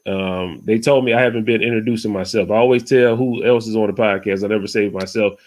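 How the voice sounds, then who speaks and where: A man hosting a casual podcast over a video call, talking in a relaxed way and often saying "you know what I'm saying.". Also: on the low side, quick pace. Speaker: podcast host.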